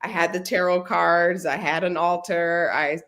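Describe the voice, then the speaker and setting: A woman's voice: fairly low pitch, fairly even intonation, unhurried, fairly bright tone. A woman talking candidly as a podcast guest, rambling with many fillers. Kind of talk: casual chat.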